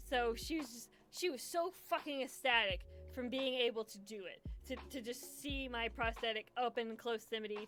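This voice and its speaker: A woman's voice: a little high, pushed and bright. A young woman hosting a livestream, telling a story casually, full of swearing and laughter. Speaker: charity livestream host. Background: lofi hip hop music.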